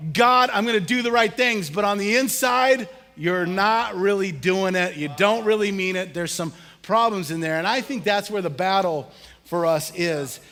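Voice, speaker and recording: Middle-aged male pastor, high tenor, relaxed storytelling sermon with humor. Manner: casual, humorous storytelling with audience questions. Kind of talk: conversational sermon.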